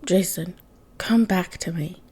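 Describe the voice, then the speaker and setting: A woman voicing an injured father who speaks weakly and softly, comforting his son. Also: fairly low pitch, slow, slightly rough. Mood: gentle. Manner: soft, weak, comforting. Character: injured father, weak and gentle.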